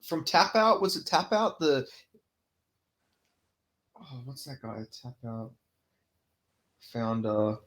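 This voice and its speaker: A man's voice: mid-range voice, sing-song, slow pace, pauses often, a bit bright. A man with a British accent co-hosting a casual podcast chat, easygoing and swearing freely. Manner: laid-back, sweary. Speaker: podcast co-host.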